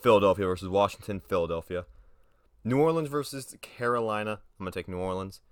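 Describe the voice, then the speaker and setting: Low-voiced young man rambling through picks. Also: quick pace, no room sound, studio quality. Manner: offhand and rambling, trails off and corrects himself mid-thought. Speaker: sports video host. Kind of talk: casual solo prediction video.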